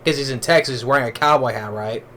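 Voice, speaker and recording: Male movie reviewer, mid-pitched, loose rambling delivery full of restarts, faint background noise. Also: fast talker, bright, forceful tone. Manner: rambling, with many restarts and fillers. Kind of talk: casual spoken movie review.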